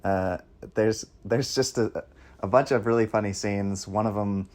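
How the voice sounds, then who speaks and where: A man's voice: lowish voice, fairly even intonation, measured pace, a little hiss or hum. A young man co-hosting a casual movie chat, rambling along with hesitant restarts. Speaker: podcast co-host.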